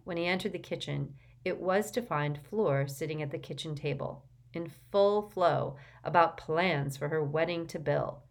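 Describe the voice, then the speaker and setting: A woman with a fairly low voice reads an audiobook aloud. Her narration is steady and expressive, scripted and clear. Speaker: audiobook reader.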